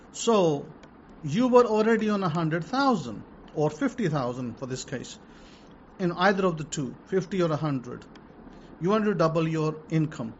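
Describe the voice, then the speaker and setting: A man's voice: sits high, dull audio, a little hiss or hum. A man preaching about tithing in an emphatic, repetitive way, telling testimonies to his listeners. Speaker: religious teacher on tithing.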